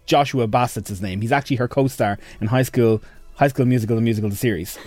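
A man's voice: mid-range voice, a little mellow, no echo, faint music behind. A man co-hosting a radio show, telling stories in a loose, rambling way full of asides. His voice sits in a middle range for a man. The sound is close and dry, as in a studio. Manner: chatty, rambling storyteller with quick asides. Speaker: radio co-host recapping entertainment news. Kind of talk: casual radio chat.

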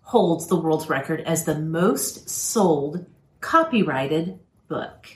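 A chatty woman co-hosting a podcast, telling stories fast and giggling often. Her voice sits a little low but moves a lot in pitch. The recording has a roomy echo. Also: lively intonation. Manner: chatty, giggly, quick storytelling. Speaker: podcast co-host. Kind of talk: casual chat.

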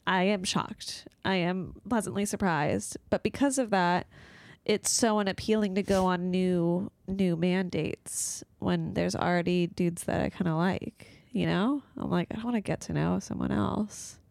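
A woman's voice: fairly low pitch, measured pace, gravelly, hardly any pauses, a little mellow, no echo. A young woman co-hosting a casual podcast chat, rambling and self-deprecating, overwhelmed and close to tears as she laughs through her stress. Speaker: podcast co-host.

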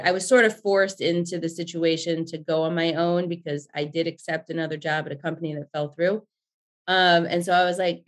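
A woman in her forties, a podcast guest, telling stories in a lively, chatty way and swearing freely. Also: lowish voice. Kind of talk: casual storytelling chat.

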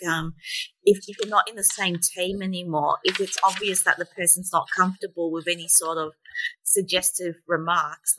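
A woman author answering interview questions in an earnest, measured way, with some fillers. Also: lowish voice, bright, forceful tone, low-quality recording. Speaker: guest author.

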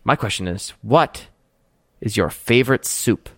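A man's voice: medium pitch, lively intonation, measured pace, a bit bright. A man narrating a tabletop role-playing game as game master, playful.

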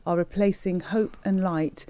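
A woman's voice: on the low side, fairly even intonation, measured pace, warm tone, no echo. A woman speaking on a radio show, impassioned and close to tears, her voice breaking as she argues. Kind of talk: emotional talk radio discussion. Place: radio studio.

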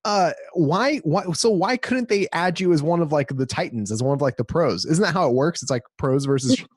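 A man's voice: on the high side, expressive, normal speed, slightly rough, dry recording, clean studio sound. A man hosting a casual podcast, speaking emphatically and indignantly, often restarting his sentences.

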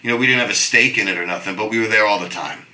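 Rambling New man, bright voice. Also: lowish voice, racing, echoey room, poor audio. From New York. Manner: animated, swearing, rambling with restarts. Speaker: guest. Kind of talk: casual storytelling chat.

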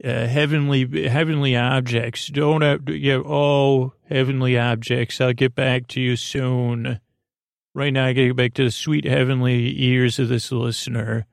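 Sleep-podcast host, male, rambling and halting; gravelly voice, average pitch. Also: little pitch movement, no echo, studio quality. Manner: meandering, halting, full of uh and restarts; slow dreamy talk addressing the moon.

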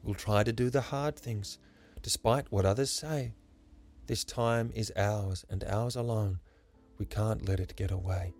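A man's voice: fairly low pitch, measured pace, a little mellow, faint music behind. A man voicing a small, playful boy who is hurt and earnest, with a pleading, sing-song delivery in a rhyming story. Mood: hopeful.

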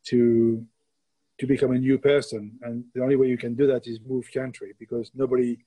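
A man's voice: medium pitch, flat delivery, brisk, dark tone, low-quality recording. A middle-aged man from France with a French accent, a baker telling laughing, plainspoken stories as a guest in a casual interview.

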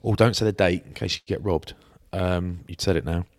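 A British man with a lowish voice chats on a podcast, spinning laddish anecdotes full of banter. The sound is close and dry, with no room around it. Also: a little fast, no echo. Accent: British English. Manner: laddish banter, lively anecdotes with acted quotes. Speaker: podcast co-host. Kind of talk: casual chat, storytelling.

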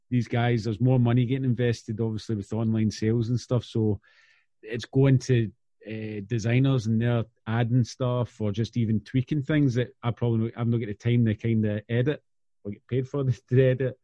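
A man's voice: mid-range voice, flat delivery, moderate pace, mellow, no echo. Enthusiastic Scottish man, dull lo-fi sound. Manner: enthusiastic, casual, with mates' slang. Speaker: product photographer. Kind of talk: casual podcast chat. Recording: dull, dry lo-fi recording.

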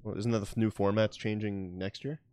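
A man co-hosting a football podcast, talking in a low-key, hesitant way that trails off. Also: steady tone, brisk, darkish tone, clean tone, no room sound, studio quality. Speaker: podcast co-host. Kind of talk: casual football chat.

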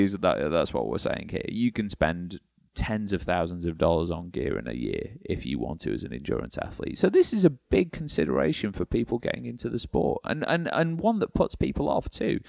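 A deep, gravelly-voiced man co-hosting a podcast in easy casual chat. He talks with dry sarcasm and rambles through restarts, close to a dead, dry mic. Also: sing-song, normal speed, hardly any pauses, no room sound. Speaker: podcast co-host.

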